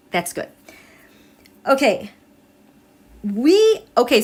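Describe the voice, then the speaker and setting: A middle-aged woman hosts a tarot and astrology livestream, chatting casually with her live audience. She sounds emotional and halting, restarting often, and her voice is on the high side and a bit bright.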